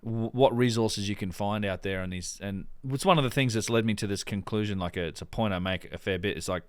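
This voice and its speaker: A man's voice: lowish voice, a little fast, clean tone, no room sound. A man hosting a casual podcast chat, rambling with many restarts and fillers. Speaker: podcast host.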